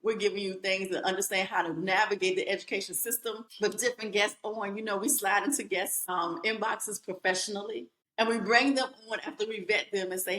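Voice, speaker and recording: A woman's voice: medium pitch, fairly even intonation, fairly quick, hardly any pauses, a bit bright. A woman from rural Virginia hosting a podcast, folksy and playful, often turning to talk straight to her listeners. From Lawrenceville, Virginia, US. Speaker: podcast host. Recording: echoey room.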